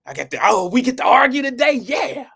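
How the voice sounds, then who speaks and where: A man's voice: very high voice, very animated, fairly quick, vocal fry, a bit bright, husky, voice pushed up, exaggerated voice. A man mimicking a cynical woman co-host who fires off suspicious, repeated questions and is ready to argue.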